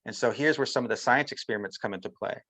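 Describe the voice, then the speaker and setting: Male interview guest, storyteller, mid-pitched voice, dry close recording. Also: quick pace, pushed and bright, dry recording, low-quality recording. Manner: storytelling, often acting out quotes of others. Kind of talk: casual interview chat.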